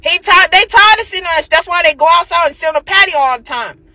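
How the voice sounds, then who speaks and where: A woman's voice: very high voice, fast, pushed and bright, dry recording, rough recording. A woman on a phone livestream, ranting heatedly and profanely, repeating herself for emphasis. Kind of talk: angry livestream rant.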